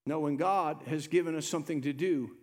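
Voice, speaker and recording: High-voiced male pastor preaching. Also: fairly quick. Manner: preaching with rising emphatic swells and quiet drops. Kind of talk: sermon.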